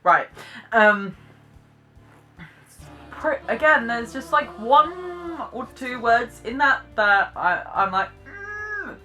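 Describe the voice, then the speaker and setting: A woman's voice: on the high side, lively intonation, slow, pauses often, bright, forceful tone, soft background music. A British woman giving chatty, self-deprecating reaction commentary, laughing often as she talks. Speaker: vlogger reacting to clips.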